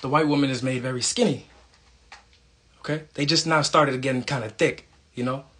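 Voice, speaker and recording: A man's voice: mid-range voice, fairly even intonation, normal speed, a bit bright, husky. A man giving a casual, preachy monologue, emphatic and profane, punctuating points with "okay?". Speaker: self-styled spiritual speaker.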